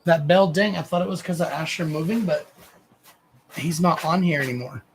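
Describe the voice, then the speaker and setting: Gravelly-voiced man chatting on a live stream. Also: on the high side, moderate pace, a little hiss or hum, poor audio. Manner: chatty and rambling, swears, talks to his pets. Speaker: psychic reader hosting a live stream. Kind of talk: casual live-stream chat.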